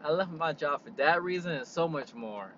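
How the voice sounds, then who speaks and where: A young man in a car, telling an exasperated, animated story as a casual vlog rant and leaning on "like" a lot. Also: on the high side, moderate pace, highs cut off, a little hiss or hum. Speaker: vlogger.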